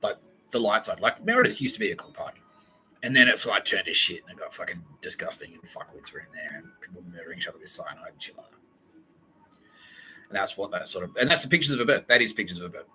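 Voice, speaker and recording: A young man hosting a podcast, rambling through a profane, excitable solo monologue that jumps from idea to idea. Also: lowish voice, faint music behind, low-quality recording. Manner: profane, excitable, fast-shifting and digressive. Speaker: podcast host.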